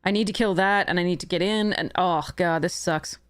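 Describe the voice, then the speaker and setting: A woman's voice: on the low side, brisk, smooth. A woman streaming a card game, thinking aloud, swearing and frustrated, with faint music behind. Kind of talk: live game commentary.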